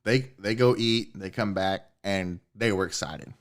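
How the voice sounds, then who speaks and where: A man, a podcast co-host telling a personal story in casual chat, swearing often and getting excited. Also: on the low side, measured pace, crowd noise. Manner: animated, swears a lot, rising excitement.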